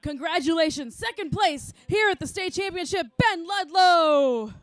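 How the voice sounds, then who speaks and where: High-pitched woman hosting the podium, jokey and giggly, dry sound. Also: expressive, moderate pace, dry recording. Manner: bubbly, joking, laughs often. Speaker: race announcer. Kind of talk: podium interviews.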